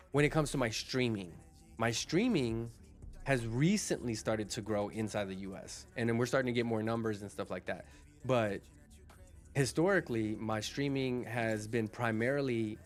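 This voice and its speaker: Chatty man live-streaming. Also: mid-range voice. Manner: chatty, rambling, restarts and repeats words while answering chat. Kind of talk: casual chat reading viewer comments.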